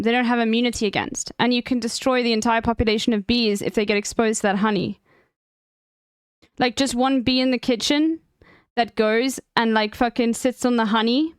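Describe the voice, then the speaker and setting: A woman's voice: fairly high pitch, clean tone, no room sound, clean studio sound. A woman chatting casually on her stream, rambling and emphatic with plenty of swearing.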